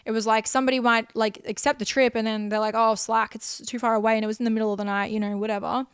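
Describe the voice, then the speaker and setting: A woman's voice: on the high side, flat delivery, rapid-fire, clear, resonant tone, no room sound, clean studio sound. A young woman, hosting a podcast and telling a personal story in an emotional, rambling way full of repeated phrases. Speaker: podcast host.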